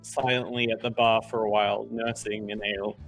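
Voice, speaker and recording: A man's voice: fairly low pitch, flat delivery, fairly quick, a bit bright, faint music behind. A man taking part in a tabletop game as a player, talking in a brash, jokey way and laughing a lot. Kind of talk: tabletop game play, casual chat.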